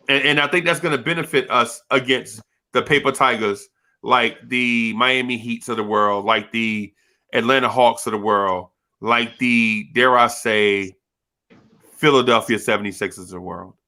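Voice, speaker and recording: A man from Jersey City hosting a casual sports podcast, animated and slangy, piling up quick restarts as he talks. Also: mid-range voice, gravelly. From Jersey City, New Jersey. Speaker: podcast host.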